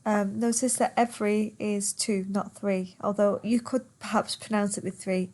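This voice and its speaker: A woman's voice: medium pitch, steady tone, normal speed, hardly any pauses, a little mellow. A woman teacher in a poetry lesson who reads verse aloud and patiently repeats words to count their syllables.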